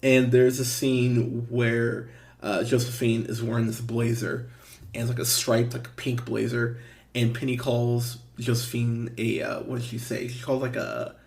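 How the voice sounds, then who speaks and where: A man's voice: mid-range voice, a little slow, gravelly. A man hosting a movie podcast, giving a casual, blunt review with frequent swearing and restarts. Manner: blunt, swears, lively emphasis with fillers and restarts. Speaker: podcast host.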